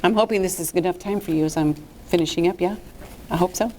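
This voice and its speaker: A woman presenting a fundraising workshop to a live audience in a lively, chatty way. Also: fairly low pitch, quick pace, a little hiss or hum. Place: meeting room with a live audience.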